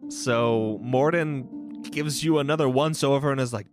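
A man running a tabletop game as game master, narrating in a lively, dramatic way. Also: mid-range voice, normal speed, soft background music.

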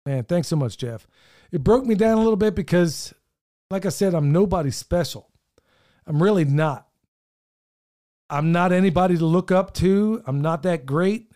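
A man's voice: high-pitched, normal speed, pauses often, dark tone. A middle-aged man, co-hosting a podcast in earnest, rambling casual chat, his voice wearing thin. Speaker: podcast co-host.

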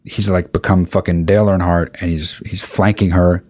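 Young man, casual comic anecdote, profane, rambling, deadpan asides, lowish voice, dry close sound. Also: normal speed, no echo. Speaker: storyteller.

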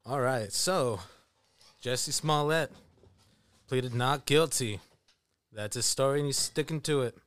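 A man guest on a podcast, telling stories in a dry deadpan way. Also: medium pitch, unhurried, long pauses. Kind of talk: casual podcast banter.

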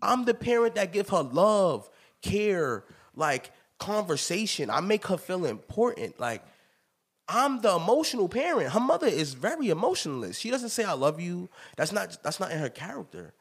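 Guy in his 30s on a podcast, really animated, laughing a lot, just chatting casual. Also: sits high, normal speed, slightly rough. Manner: animated, emphatic storytelling with frequent laughs. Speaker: podcast host. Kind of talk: casual chat.

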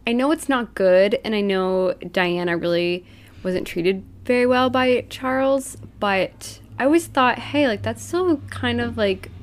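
A woman co-hosting a podcast in relaxed, casual chat, sharing her views and murmuring agreement. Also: on the high side, a little slow. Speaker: podcast co-host.

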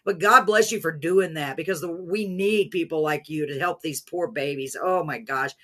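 A woman's voice: sits low, moderate pace. A woman hosting a podcast interview, effusive and emotional, often praising God in a folksy way. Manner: folksy, says "y'all". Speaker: podcast host. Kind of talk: casual interview chat.

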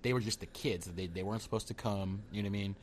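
A man's voice: lowish voice, fast. A man in casual chat who rambles, laughs and swears as he talks over a cartoon series.

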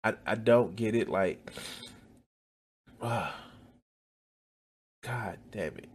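A man's voice: fairly low pitch, slow, long pauses, slightly rough. A man hosting a reaction video, reacting with heavy swearing, laughter and exclamations. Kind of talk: profane reaction commentary.

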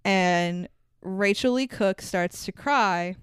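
A woman's voice: medium pitch, takes it slowly, clear, resonant tone, dry recording, clean studio sound. A woman co-hosting a movie podcast, talking casually and animatedly, swearing freely and laughing often. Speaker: podcast co-host. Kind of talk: casual movie review chat.

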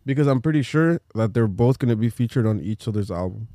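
A man's voice: medium pitch, lively intonation, fast, mellow, no echo, clean studio sound. A man co-hosting a casual group chat about music, teasing his friends and laughing often. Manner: laughs a lot, teasing, slangy.

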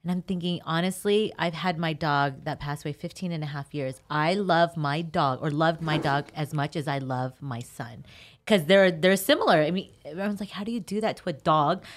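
A woman in her forties co-hosting a podcast, chatty and quick to laugh as she asks questions. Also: deep voice. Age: 40s. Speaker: podcast co-host. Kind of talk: casual interview chat.

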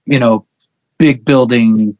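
A middle-aged man telling stories as a guest on an interview show, animated and profane. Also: medium pitch, takes it slowly. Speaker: guest musician. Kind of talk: casual interview chat.

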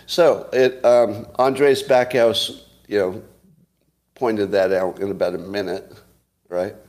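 A man hosting a solo commentary stream, sarcastic, pausing often and putting rhetorical questions to his audience. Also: lowish voice, steady tone, darkish tone. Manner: halting, many pauses and filler sounds. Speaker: show host.

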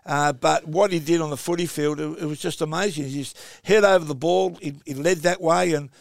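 A man's voice: a little high, fairly even intonation, a little fast, vocal fry, no room sound, clean studio sound. A man in his sixties with an Australian accent, telling rambling stories as a podcast guest, full of fillers and asides. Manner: rambling anecdotal storyteller, many fillers. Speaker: guest, former footballer. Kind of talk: casual podcast chat.

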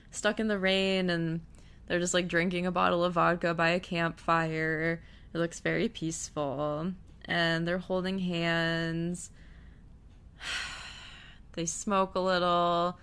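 A young woman casually recapping a TV episode, gushing and emotional, her voice dropping soft and then rising loud with feeling. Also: fairly low pitch, smooth. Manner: gushing, emotional, swings between hushed and loud. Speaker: TV recap vlogger.

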